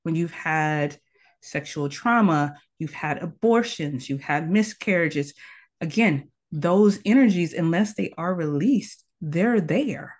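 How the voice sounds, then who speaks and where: A woman's voice: low-pitched, animated, slow. A woman teaching tantra as a guest in a conversational interview, earnest and instructive, laying out her advice as numbered tips.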